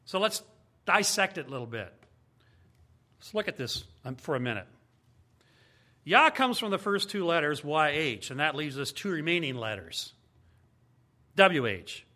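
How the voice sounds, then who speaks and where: A man's voice: fairly high pitch, very animated, a little slow, long pauses, pushed and bright. A man giving a teaching sermon as a Bible teacher, speaking emphatically and explaining step by step with rhetorical questions.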